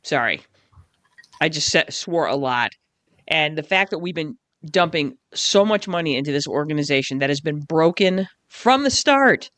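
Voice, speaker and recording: A woman co-hosting a podcast in casual chat, animated and quick to swear when riled up. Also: sits low, no echo. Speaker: podcast co-host.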